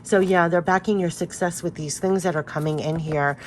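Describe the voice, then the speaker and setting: Middle-aged woman, lowish voice, warm rambling card reader, leans on "like", light background hiss. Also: steady tone, a little fast. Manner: chatty, rambling, encouraging, says "like" often. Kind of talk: casual rambling card reading.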